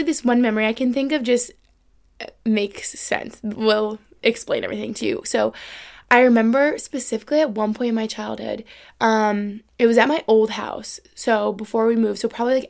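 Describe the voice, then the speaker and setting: A young woman from Albany, New York, hosts her own solo podcast, chatting casually and rambling with lots of fillers. Her voice is on the high side with vocal fry, recorded on a USB-adapter podcast microphone at a computer.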